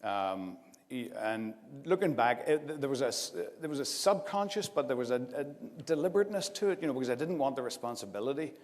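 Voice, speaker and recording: A man's voice: mid-range voice, very animated, fast talker, darkish tone. A man giving an after-dinner speech, telling a rambling anecdote and breaking into laughter as he goes. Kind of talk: storytelling speech to a live audience. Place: large event hall. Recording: long hall reverb.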